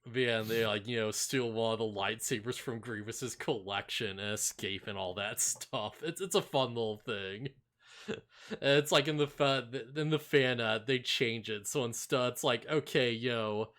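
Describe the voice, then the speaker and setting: A man talking in a loose, rambling way, full of filler words and frequent laughter. His voice sits at a middling pitch. He co-hosts a casual podcast conversation. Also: moderate pace, fairly bright tone. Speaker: podcast co-host. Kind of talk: casual chat.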